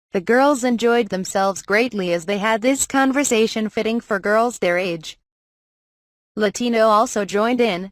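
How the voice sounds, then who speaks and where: A woman narrating a light novel audiobook, reading the story and its dialogue in an even, measured way. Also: medium pitch, dry recording, studio quality. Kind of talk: scripted narration with character dialogue.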